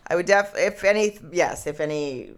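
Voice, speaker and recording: A woman's voice: lowish voice, moderate pace, smooth. A woman co-hosting a casual podcast, swearing freely as she reads out listener questions. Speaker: podcast co-host.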